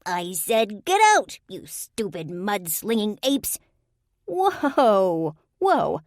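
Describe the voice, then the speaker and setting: A woman voicing a small, bratty woodland fairy with a shrill, nasal voice. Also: big pitch swings, drawn-out words, dry recording, clean studio sound, full character voice. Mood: indignant. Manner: shrieking, whiny and insulting.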